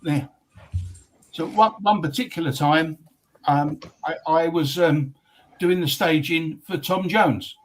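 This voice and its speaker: Husky English man telling rambling stories. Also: on the high side, slow, rough recording. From England. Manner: rambling, hesitant storyteller with many ums. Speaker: guest. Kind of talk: casual chat.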